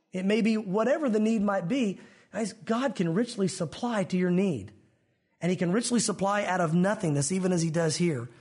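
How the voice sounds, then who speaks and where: A man's voice: high voice, breathy edge. A male pastor preaching a sermon to his congregation, emphatic and acting out the voices he quotes.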